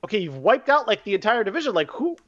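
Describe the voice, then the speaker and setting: Animated, profane man ranting about wrestling. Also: quick pace, no echo. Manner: animated, profane, swings from loud outbursts to low muttering. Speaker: podcast host. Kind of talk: casual wrestling recap rant. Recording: dull lo-fi podcast mic.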